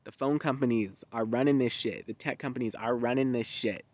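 A young man in his twenties hosting a podcast, talking in a rambling, profane, animated monologue. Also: mid-range voice, fairly quick, no echo. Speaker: podcast host. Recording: dull, dry lo-fi recording.

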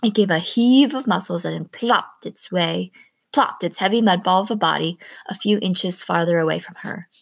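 A woman reading a novel aloud in a calm, steady storytelling manner. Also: on the low side, normal speed, vocal fry, dry recording. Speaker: reader.

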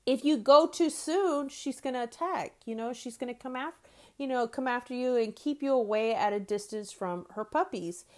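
Casting: woman, fifties, faith podcast host, chatty and searching, voice slightly high. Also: moderate pace, a little mellow. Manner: conversational, frequent "right?" and restarts. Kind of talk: faith-based podcast teaching.

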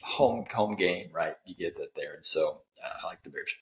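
A man's voice: low-pitched, normal speed, fairly bright tone. A man hosting a sports podcast, leading the segments with dry sarcasm and a lot of ums. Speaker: podcast host. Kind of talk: casual sports chat.

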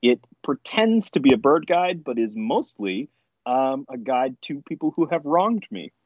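Animated laughing man telling stories. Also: medium pitch, unhurried, dry recording, lo-fi sound. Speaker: podcast guest. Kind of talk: casual storytelling chat.

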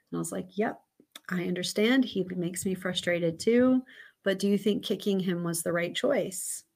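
A woman's voice: medium pitch, vocal fry. A woman in her thirties, a podcast guest, telling a candid, reflective story about parenting in a casual interview.

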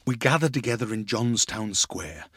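A man reads a story aloud with expression, slipping into the voices of its characters. His pitch sits in the middle range. The recording is dry and close. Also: moderate pace, a bit bright, husky, no room sound. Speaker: reader. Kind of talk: dramatic reading of a story.

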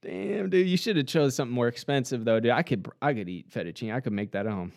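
A man's voice: mid-range voice, fast talker, vocal fry, a little mellow, no room sound, clean studio sound. A man giving casual, joking reaction commentary on a track, laughing often and mocking lines in a raised voice. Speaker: host reacting to a music track.

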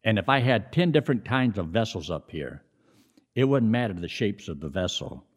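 Lively preaching man. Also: moderate pace. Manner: lively preaching, pitch rising high on emphasis, conversational asides. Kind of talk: sermon.

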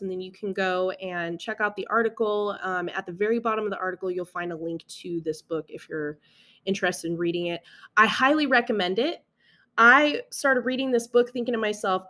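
A woman's voice: medium pitch, pushed and bright. A young adult woman hosting a casual solo podcast, talking in an earnest, reassuring way with frequent restarts and asides. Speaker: podcast host.

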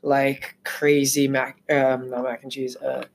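A woman's voice: very deep voice, little pitch movement, slow, creaky. A young woman in casual podcast chat, telling a rambling story with lots of fillers.

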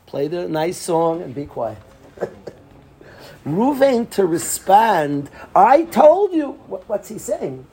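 A man's gravelly voice carries a lively Torah class, his pitch leaping up and down as he acts out the quotes. He teaches as a rabbi, drops Hebrew and Yiddish terms into his English and laughs often, with faint noise under the recording. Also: takes it slowly, pauses often.

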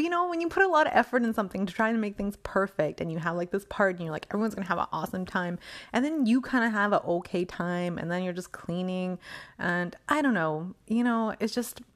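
A woman hosting her own podcast in a casual solo monologue, rambling with many fillers and laughs, acting out her own quoted thoughts. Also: on the low side. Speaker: podcast host.

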